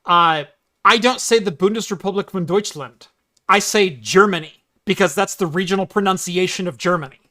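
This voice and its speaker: A man from the United States with a high, sharp voice speaks briskly as co-host of a casual tech podcast. In this relaxed chat he reads labels aloud and mock-rants about pronunciation.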